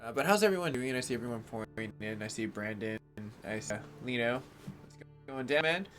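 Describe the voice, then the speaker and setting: A man's voice: mid-range voice, lively intonation, a little fast, a bit bright, faint music behind. Laid-back chatty male game streamer. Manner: chatty, greets viewers by name; laid-back slangy talk. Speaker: gaming live streamer. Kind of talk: casual live-stream game commentary.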